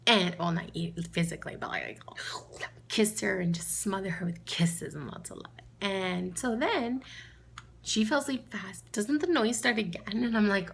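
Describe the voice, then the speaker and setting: A woman with a New York accent, vlogging and telling a story in a chatty, animated way, quoting herself in a raised voice. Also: mid-range voice, normal speed, creaky, slightly rough. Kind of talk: casual storytelling vlog.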